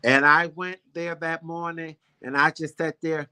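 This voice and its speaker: A man's voice: a little high, little pitch movement, unhurried, bright, forceful tone, smooth. A man hosting a casual talk show, telling a personal story in a heartfelt, rambling, emphatic way. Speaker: show host.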